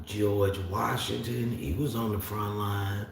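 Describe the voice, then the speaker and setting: Southern man streaming live, deep unhurried drawl, very echoey room, far from the mic. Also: steady tone, creaky, slight background noise. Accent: Southern US (north Florida). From Florida, US. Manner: rambling, drawling, talks back to chat. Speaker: livestream host. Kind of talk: casual livestream chat reading comments.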